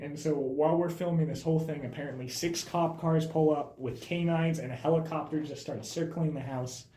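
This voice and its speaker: Animated young man in a roomy room. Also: fairly high pitch, fairly quick, few pauses. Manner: animated storyteller, gets loud when excited. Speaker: film student director, guest. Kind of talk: casual podcast chat. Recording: roomy echo.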